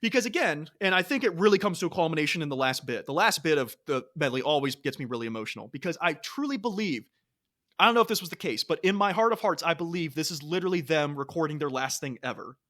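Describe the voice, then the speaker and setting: A man's voice: on the high side, fast, fairly bright tone. A man co-hosting a music podcast in casual chat, enthusiastic, singing and beatboxing bits of songs as he talks. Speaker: podcast co-host.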